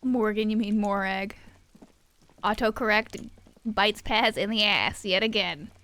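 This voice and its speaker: This game streamer keeps up a rambling, profane, self-mocking chat as she reads messages from viewers. She speaks at a measured pace in a mid-range voice that's a bit bright.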